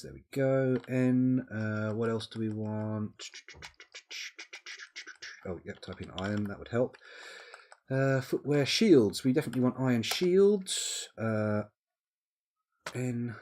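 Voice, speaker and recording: A young man streams a game from home, talking half to himself as he works through menus and drifts into relaxed asides. His voice sits on the low side and has a breathy, husky grain, picked up close on a desk microphone. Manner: thinking aloud, muttering menu items, easygoing asides. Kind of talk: casual live-stream commentary while playing.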